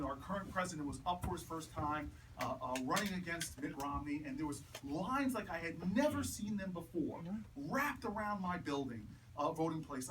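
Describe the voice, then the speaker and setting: A man speaking to a crowd at a house party, telling stories in a stump speech that builds from measured to loud, with laughing punchlines. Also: high-pitched. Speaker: politician speaking at a campaign event. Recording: distant mic with background noise.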